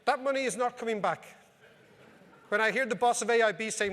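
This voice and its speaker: A high-voiced Irish man spins wry, anecdotal stories for a live audience at a club. His talk rings with a long reverb from the hall. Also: a little fast, fairly bright tone. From Ireland. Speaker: economic commentator, speaker. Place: club function room.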